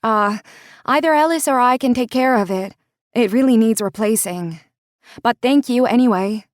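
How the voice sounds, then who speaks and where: A woman voicing a warm, teasing young woman who talks brightly and calls out across a distance. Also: a little high, normal speed, dry recording, studio quality, voice pushed up, close to an everyday voice. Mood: lively. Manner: bright and lively, calling out.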